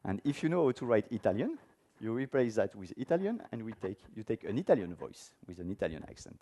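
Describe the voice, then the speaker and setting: This man's lowish, mellow voice has a sing-song lilt and a quick pace. He's presenting a technical conference talk with a live demo before an audience in a conference room, keeping things casual and putting questions to listeners.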